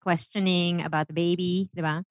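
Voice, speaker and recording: A woman's voice: fairly low pitch, level tone, moderate pace, no room sound, clean studio sound. A woman with a Filipino accent co-hosting a casual gossip podcast, slipping between English and Tagalog and laughing often. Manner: Taglish code-switching, chatty, laughs often. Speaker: podcast co-host. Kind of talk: casual celebrity gossip chat.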